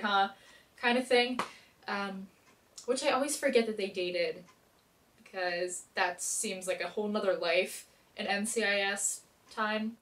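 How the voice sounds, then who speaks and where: A woman's voice: a little high, recorded from a distance. Bubbly rambling woman, a bit off-mic. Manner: bubbly, rambling and self-mocking. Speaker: TV episode recapper. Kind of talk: casual episode recap and review.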